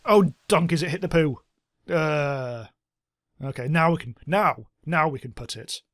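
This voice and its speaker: A man giving casual let's-play commentary, excitable, swearing a lot and making silly sound effects. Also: a little high, a little slow, no echo, studio quality. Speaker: gameplay commentator.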